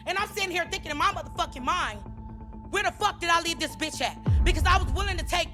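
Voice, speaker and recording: A woman's voice: very high-pitched, fast talker. A cast member from a reality show, heated and cursing as she tells her side. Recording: clip with music behind.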